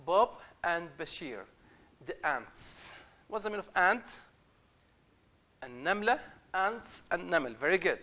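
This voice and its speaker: A man's voice: fairly high pitch, fairly bright tone. A man teaching an English lesson, reading a story aloud and patiently repeating and explaining words. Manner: reads the story aloud with emphatic, raised delivery.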